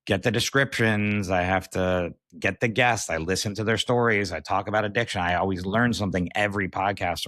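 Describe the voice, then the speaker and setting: A man's voice: sits low, a bit bright, no echo, studio quality. An American man and comedian hosting a solo podcast, talking candidly in a rambling, self-mocking way. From United States. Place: recording while on tour away from home.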